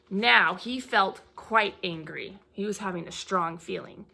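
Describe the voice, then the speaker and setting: A woman preschool teacher reading a picture book aloud to young children, expressive and asking them questions along the way. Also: medium pitch, unhurried, creaky, few pauses, slight background noise.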